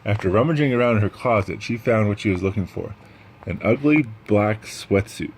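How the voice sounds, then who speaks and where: A man's voice: fairly low pitch, expressive, a little fast, a little hiss or hum. A man reading a picture book aloud, adding chatty asides about the pictures. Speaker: read-aloud storyteller.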